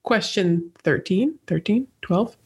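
A woman talks through a trivia round on a casual podcast with her co-host. She is chatty and playful and gushes warmly over the answers she likes. Her voice sits at an ordinary middle pitch. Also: animated, slow pace, breathy edge. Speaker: podcast co-host, quiz contestant. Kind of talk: casual chat, trivia quiz.

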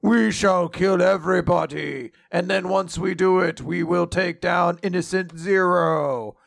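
Guy doing a threatening giant, grand and stiff, highish voice. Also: steady tone, unhurried, creaky, no echo, studio quality. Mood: menacing. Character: menacing giant invader, male.

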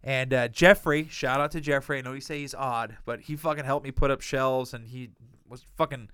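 Man, young adult, smooth resonant voice, dry close sound, profane rambling storyteller, casual podcast chat. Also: mid-range voice, fairly even intonation, moderate pace, fairly bright tone, no echo. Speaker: podcast co-host.

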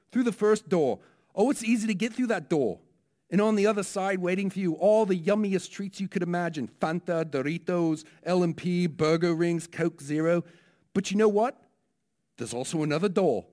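A bumbling, cheerful funeral minister with a New Zealand accent, as a preacher puts him on. His voice sits high and carries loudly, with a sing-song, earnest lilt. He is well-meaning and a little clueless. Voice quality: high, bright, loud, sing-song delivery.

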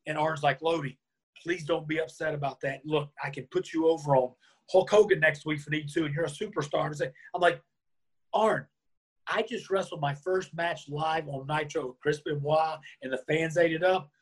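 A man being interviewed, telling a lively anecdote and acting out the lines of the people in it. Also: a little high, moderate pace, breathy edge. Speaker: interview guest. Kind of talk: storytelling in a conversation.

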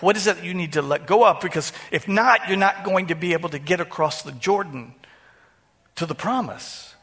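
Pastor, male, high and bright voice, conversational church sermon. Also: vocal fry. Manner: conversational preaching, repeats words, talks to the congregation.

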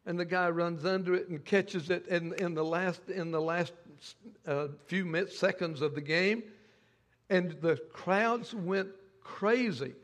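Older man preaching, high-pitched voice, halting and repetitive storytelling, long hall reverb. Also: a bit bright. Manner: halting, repeats words while telling a story. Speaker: pastor. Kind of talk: sermon storytelling.

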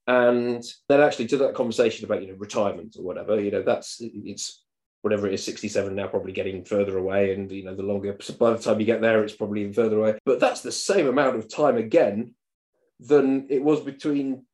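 Man, forties, lower voice, rambling hesitant host. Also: steady tone, quick pace, a little mellow. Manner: hesitant, rambling, many restarts. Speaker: podcast host. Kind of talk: casual podcast chat.

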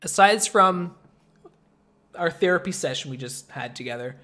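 Guy reviewing a movie with a friend, lively, laughs a lot, kinda high voice. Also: normal speed, soft background music. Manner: animated, laughs often, acts out scenes. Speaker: podcast co-host. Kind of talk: casual film review chat.

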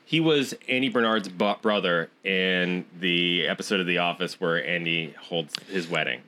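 A man's voice: deep voice, moderate pace, sharp tone. A man co-hosting a podcast in casual chat, dropping dry joking asides and acting out quoted thoughts. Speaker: podcast co-host.

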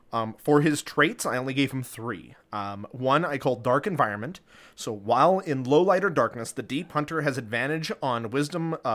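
A man's voice: mid-range voice, a bit bright. Rambling casual male podcaster. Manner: rambling, filler-heavy, laughs often. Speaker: podcast co-host. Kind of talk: casual chat.

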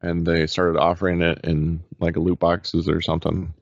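A man with a very deep voice talks loosely and haltingly, often stopping to hunt for the right word. The sound is dry and close, with a slightly dull, lo-fi edge. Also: completely flat delivery, gravelly, no echo. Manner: hesitant, searches for words with many fillers. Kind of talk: casual chat.

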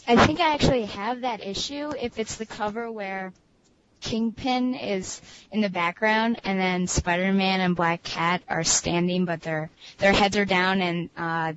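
A woman on a casual podcast panel who speaks slowly and hesitantly, her pitch sitting in a middle range. Her audio is dull and lo-fi, with faint clicks and noise behind her.

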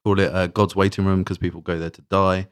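Fast-talking man from England's South Coast. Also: sits low, flat delivery, clear, resonant tone. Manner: quick, blunt, self-mocking banter. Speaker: podcast guest. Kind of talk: casual chat.

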